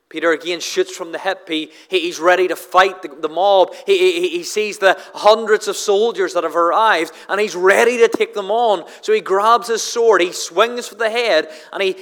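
A male pastor delivers a sermon in a high voice that rings with long reverb through a church hall. He stumbles and repeats words as he starts his sentences. He pushes up for emphasis, then sinks low and slow. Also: a bit bright.

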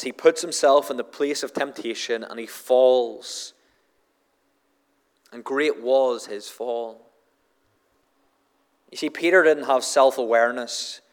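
A pastor preaches with stammers and repeated words at the start of sentences and plenty of "uh"s. His voice climbs for emphasis, then drops low and slow; it is a bit bright and smooth, with a big-room sound.

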